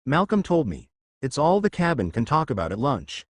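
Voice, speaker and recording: A man's voice: mid-range voice, wildly swooping pitch, normal speed, no room sound. Annabeth, a proud teen girl, read by a man. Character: proud, determined teenage girl.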